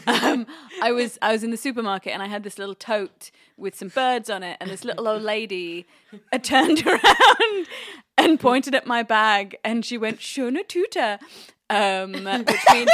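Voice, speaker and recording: A woman's voice: fairly high pitch, expressive, a little slow, fairly bright tone. A woman co-hosting a podcast, telling stories in casual chat with lots of laughter and self-deprecating asides. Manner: giggly, self-deprecating storyteller. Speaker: podcast co-host.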